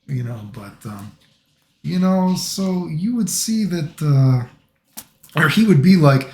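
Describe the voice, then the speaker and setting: A man's voice: a little high, animated, slow pace, a little mellow, echoey room. A middle-aged man from the United States, talking in a casual, rambling monologue full of filler phrases. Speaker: vlogger.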